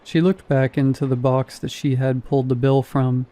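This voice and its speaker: A man narrating a scary story in a calm, measured reading voice. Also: medium pitch. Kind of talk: scripted narration.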